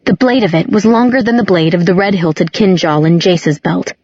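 Husky-voiced woman reading a novel. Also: lowish voice, normal speed, darkish tone, dry recording. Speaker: audiobook narrator. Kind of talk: scripted narration. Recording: dull, muffled recording.

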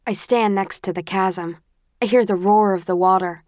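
A woman narrating a first-person audiobook with a tense, expressive storytelling manner. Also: medium pitch, moderate pace, no echo, clean studio sound.

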